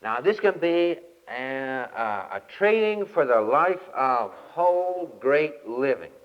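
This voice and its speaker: Man, folksy camp preacher, lively storyteller; old dull tape, long hall reverb. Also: mid-range voice, slow pace. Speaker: camp meeting speaker. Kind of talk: folksy sermon with humorous anecdote.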